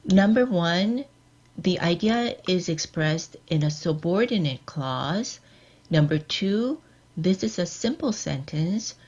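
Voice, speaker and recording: A woman giving a scripted workshop lecture on editing, measured and explanatory, quizzing her audience. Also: fairly low pitch, animated, a little mellow, lo-fi sound.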